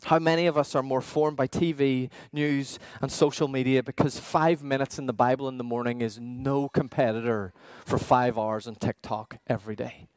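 A man preaching a sermon as pastor, earnest and questioning, with emphatic pauses. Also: medium pitch, fairly even intonation, a little mellow, clean tone, no echo.

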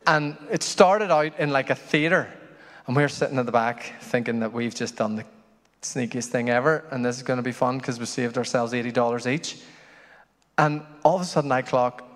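A man preaching a sermon as pastor, telling stories in an animated way that swings from loud to hushed. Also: medium pitch. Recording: long hall reverb.

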